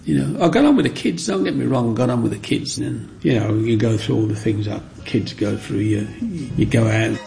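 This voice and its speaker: Fairly quick and barely pausing, this man's medium-pitched voice carries vocal fry and a dark tone. He shares childhood memories in an interview, voicing the other children when quoting them.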